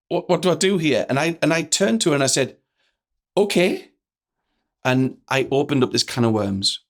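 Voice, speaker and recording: A man, a guest telling stories in a lively way and acting out the lines of the people in them. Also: medium pitch. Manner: energetic, acts out quoted dialogue. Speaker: guest speaker. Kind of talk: animated storytelling in a podcast interview.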